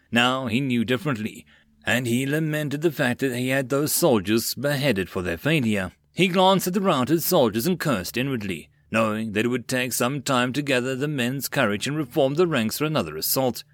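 A man narrating a web novel audiobook in a steady reading voice. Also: mid-range voice, no room sound.

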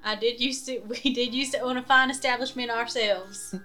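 A woman's voice: fairly high pitch, fairly even intonation, moderate pace, pushed and bright, faint music behind. A woman playing a tabletop game, making dry, quippy remarks.

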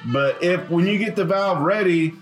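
Exasperated, cussing gas-company tech. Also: male voice, sits high, moderate pace, soft background music. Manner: profane, exasperated storytelling. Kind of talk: casual podcast chat.

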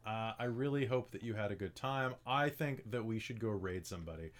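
A man's voice: fairly low pitch, a little fast. Casual male game master wrapping up a stream, loose, jokey, rambling. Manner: chatty, loose and joking.

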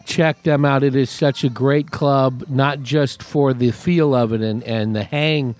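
Halting man hosting a podcast. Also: medium pitch, steady tone, darkish tone. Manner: halting, many fillers and restarts. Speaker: podcast host. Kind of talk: casual interview. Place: comedy club showroom.

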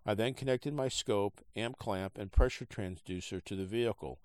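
Man, podcast host, low voice, halting casual reading, hiccups, dry sound. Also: a little mellow, dry recording. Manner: halting, many fillers and restarts. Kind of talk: casual reading of a trade article.

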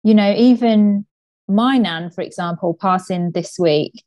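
A woman's voice: mid-range voice, measured pace, darkish tone. A woman co-hosting a podcast who talks emotionally and laughs often. Her voice sits in an ordinary middle register. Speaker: podcast co-host. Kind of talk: casual chat.

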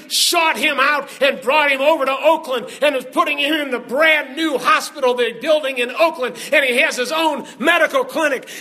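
A preacher delivering a sermon with emphatic storytelling, building into shouted calls to the congregation. His voice is very high, and his tone is bright and forceful.

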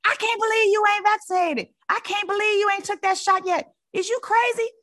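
A woman voicing a loud, blunt older auntie who scolds and gives orders emphatically. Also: medium pitch, brisk, close to an everyday voice. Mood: indignant.

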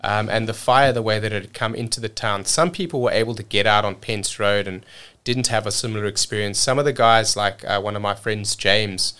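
A man from South Africa telling a story as a podcast guest, energetic and repeating words as he rushes on. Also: lowish voice, clean tone. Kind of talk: casual storytelling.

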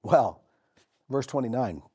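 A man preaching a sermon as pastor, telling the story vividly with dramatic pauses and repetition. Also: mid-range voice, expressive, warm tone, husky.

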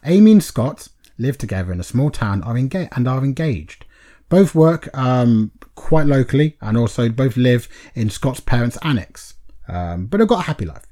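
A young man with a warm, dark voice co-hosts a podcast. He reads a story pitch in a laid-back way, laughing and saying mate often. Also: moderate pace. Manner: laughs often, says mate a lot, relaxed. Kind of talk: casual chat and reading a story pitch.

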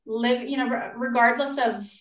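Australian woman, podcast guest, animated, acts out quotes, echoey room, set back from the mic. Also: fairly high pitch, normal speed. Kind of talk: casual interview chat. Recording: roomy, distant from the mic.

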